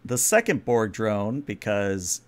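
A man's voice: lowish voice, very animated, slow. A man running a tabletop role-playing game as game master, explaining the rules patiently and narrating the action.

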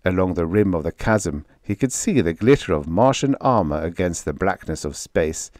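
A man narrating a vintage science fiction audiobook in an expressive, dramatic storytelling manner, close on a studio mic. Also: deep voice, normal speed, no room sound.

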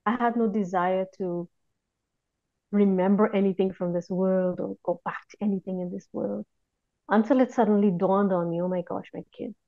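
A woman recounting a personal experience in a reflective, hushed way, often pausing and restarting her sentences. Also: medium pitch, fairly even intonation, dry recording, narrow, tinny audio. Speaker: guest recounting a near-death experience. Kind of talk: personal testimony, casual storytelling.

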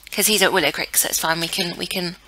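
A woman's voice: fairly low pitch, steady tone, fast, pushed and bright. A young woman giving casual commentary on a life-sim game, chatty and easily flustered, talking to the characters on screen. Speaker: let's play gamer.

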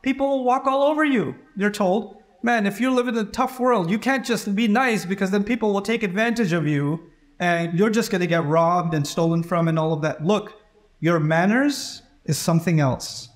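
Middle-aged man, sermon in a mosque, high voice, conversational, acts out dialogue. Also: normal speed. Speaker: preacher giving a Friday sermon.

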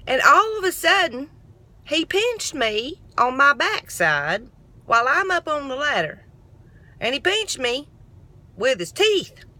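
A middle-aged woman, telling a down-home story to camera in a chatty, lively way. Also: high-pitched, slow. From Texas. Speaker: vlogger.

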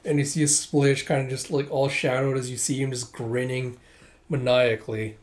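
A man reading a manga aloud, chatty and casual, narrating the panels with quick asides. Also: mid-range voice, flat delivery. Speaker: manga reader. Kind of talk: casual comic readthrough.

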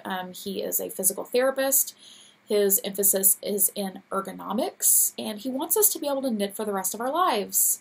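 A woman in her thirties chats in a relaxed, gushing way, laughing easily. Her voice is gravelly and husky, a little scratchy today. She sits at a middle pitch. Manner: chatty, gushing, laughs often. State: teary. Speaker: podcast host. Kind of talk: casual chat.

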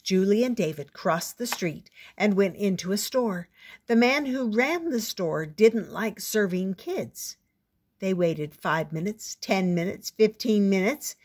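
An older woman reading a picture book aloud as a storyteller, expressive and playful. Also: mid-range voice, measured pace.

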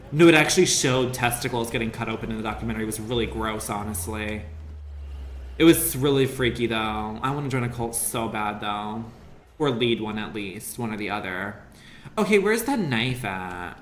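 A young man chatters his way through a game stream, crude and joking, jumping from topic to topic. His voice is bright, and the room gives it a noticeable echo with faint ambient noise behind it. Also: mid-range voice. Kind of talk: casual gaming stream commentary.

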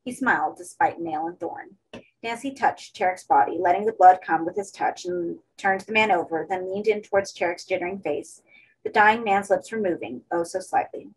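A woman reading a horror story aloud as an audiobook, in steady narration. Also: fairly low pitch, moderate pace, a little hiss or hum, low-quality recording. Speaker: audiobook reader.

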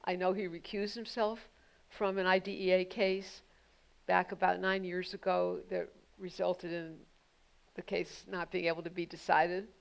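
A woman speaks as the guest of a public onstage conversation, thoughtful and pointed, dropping frequent "you know" fillers. Her voice is somewhat low and noticeably gravelly, with a fry at phrase ends. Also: level tone, unhurried, low-quality recording. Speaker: guest speaker, legal journalist. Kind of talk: public onstage conversation answering audience questions.

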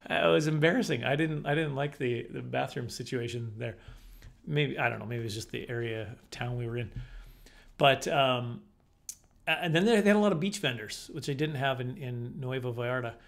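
A middle-aged man doing stand-up comedy, telling stories in an animated, self-deprecating way. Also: medium pitch, a little fast, creaky.

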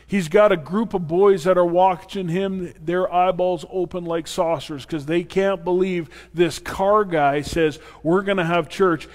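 In a church sanctuary with the long reverb of the hall, a man preaches a sermon as pastor, earnest and personal with playful asides. His voice is on the high side with a darkish tone.

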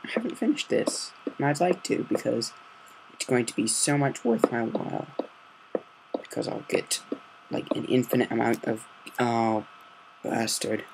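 A man hosting a game let's-play, talking in a hushed, low-key and rambling way, with a slight sore throat. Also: fairly even intonation, unhurried, creaky, pauses often, slight background noise. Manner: quiet, low-key, meandering. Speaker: gaming video host.

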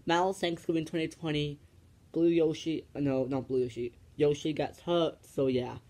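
A man casually wrapping up his toy skit channel video with halting talk and fillers. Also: a little high, fairly even intonation, darkish tone.

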